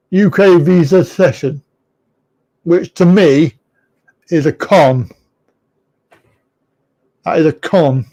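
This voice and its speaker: A man's voice: sits high, dark tone. A middle-aged man hosting a casual live chat, talking bluntly and ramblingly, and chuckling often at his own remarks. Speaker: livestream host.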